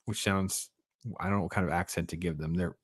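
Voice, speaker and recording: Rambling low-voiced male movie reviewer. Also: a little fast, husky. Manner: rambling, animated, trails off and restarts. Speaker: podcast host. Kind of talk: casual movie review chat.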